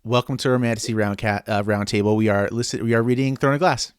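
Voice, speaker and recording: A man's voice: medium pitch, steady tone, fast, smooth, no echo, clean studio sound. A man co-hosting a casual podcast, reading out a listener email with bro-ish jokes. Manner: joking, bro-ish banter. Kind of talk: casual chat.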